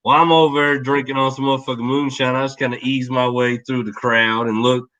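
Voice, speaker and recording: A man's voice: medium pitch, flat delivery, fairly quick, a bit bright, rough recording. Laid-back man rambling a story. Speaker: guest. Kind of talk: casual storytelling chat.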